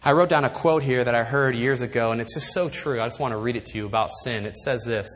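A man preaching a sermon in a church, emphatic and animated, with wry asides. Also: medium pitch, quick pace. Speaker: pastor. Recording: long reverb of a large hall.

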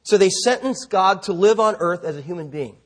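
A middle-aged male pastor preaches in a relaxed, conversational way, with self-deprecating asides. He then slips into telling a vivid story. His voice is husky and sits fairly high. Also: a little fast. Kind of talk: sermon with storytelling.

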